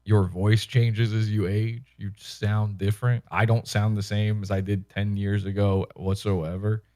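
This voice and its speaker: A man's voice: fairly low pitch, measured pace. Chatty man riffing on a podcast. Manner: rambling, animated, swears casually. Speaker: podcast host. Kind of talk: casual commentary chat. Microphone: microphone with headphones.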